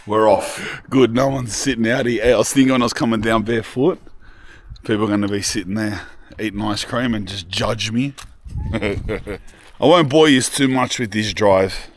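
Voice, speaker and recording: A young man filming a casual travel vlog, talking in excitable slang and calling the viewer bro, cuz and lad. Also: on the low side, normal speed. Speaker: travel vlogger.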